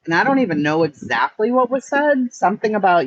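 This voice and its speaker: A man's voice: sits high, brisk. A man, an online streamer, ranting in blunt, profane, emphatic commentary. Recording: muffled with steady background noise.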